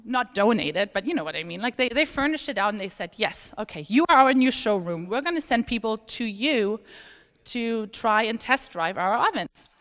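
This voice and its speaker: A woman in her thirties giving a conference talk, telling a personal story with lively acted-out quotes and frequent fillers. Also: a little high, moderate pace. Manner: animated storytelling, acts out quoted voices, many fillers. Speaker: conference speaker. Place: large conference hall. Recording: long hall reverb.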